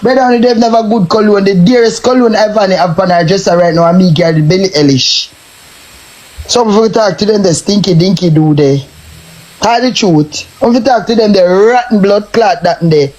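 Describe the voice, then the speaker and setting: A man's voice: sits high, moderate pace, a little mellow, low-quality recording. A man with a Jamaican accent, ranting and taunting in a cursing live stream tirade.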